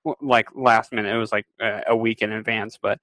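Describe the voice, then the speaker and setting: A young adult man, a podcast co-host, telling a drinking story in casual chat, animated and laughing often. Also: on the low side, a little fast, no echo.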